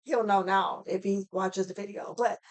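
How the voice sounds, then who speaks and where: A woman's voice: mid-range voice, fairly even intonation, normal speed. A woman giving a heartfelt motivational talk to camera, earnest and preachy, repeating phrases for emphasis. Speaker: motivational speaker.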